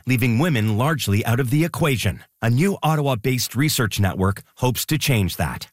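Guy reading a radio station promo, dry close sound, smooth announcer voice. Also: mid-range voice, dry recording.

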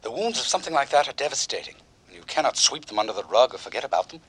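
A man playing a husky radio psychologist. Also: mid-range voice, very animated, racing, fairly bright tone, rough recording. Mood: earnest. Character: calm, authoritative male psychologist. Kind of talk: measured radio address.

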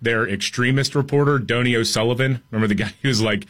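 A man's voice: on the low side, fast. Heated, emphatic male radio commentator. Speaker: radio talk show co-host.

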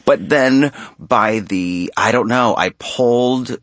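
A man, a stage actor, being interviewed on radio, telling a story in an animated way with frequent restarts. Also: mid-range voice, slow, dry recording, clean studio sound.

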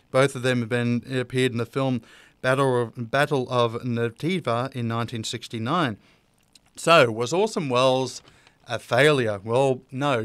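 A man talks loosely and conversationally as a host, mid-pitched and smooth, with the odd filler and restart. The sound is close and dry, with no room around it. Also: a bit bright, no echo. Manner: chatty, with fillers and restarts, laughing easily. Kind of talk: casual unscripted monologue.

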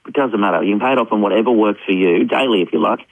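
A man with an Australian accent, a mayor talking on a radio interview in a brisk, upbeat and persuasive way. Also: fairly low pitch, creaky, slightly rough, dry recording, narrow, tinny audio.

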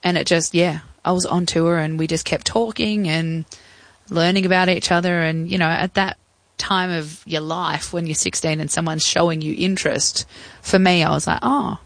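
A young Australian woman recounting a personal story as an interview guest, reflective and halting with fillers. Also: on the low side, fairly even intonation, no room sound, rough recording.

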